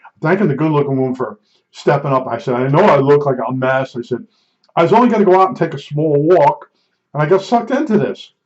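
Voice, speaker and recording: A middle-aged man telling a rambling personal anecdote, excitable, restarting sentences and acting out the dialogue. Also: fairly high pitch, brisk. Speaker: storyteller recounting an incident. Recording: dull lo-fi recording.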